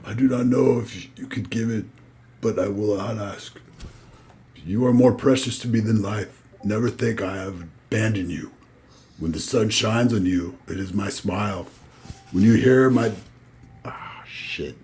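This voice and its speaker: Guy reading a letter out slow and earnest, kinda low voice. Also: darkish tone, a little hiss or hum. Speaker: podcast co-host. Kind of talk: casual book discussion.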